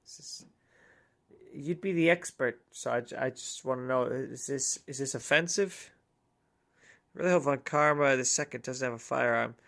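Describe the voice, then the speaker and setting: A woman's voice: extremely low pitch, moderate pace, vocal fry, fairly bright tone. A woman streamer chatting casually with her viewers while playing, giggly and self-mocking. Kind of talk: live game-stream chat. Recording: game music behind.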